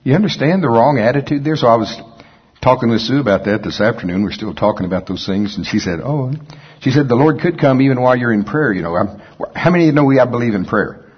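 A man preaching a sermon in a folksy, conversational way, breaking off into quick asides. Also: medium pitch, animated, slightly rough, lo-fi sound. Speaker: pastor.

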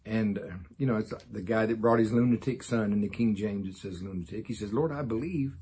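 A man giving informal Bible teaching in a folksy, excitable way, with jokey asides and chuckles. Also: lowish voice, fairly quick, slight background noise.

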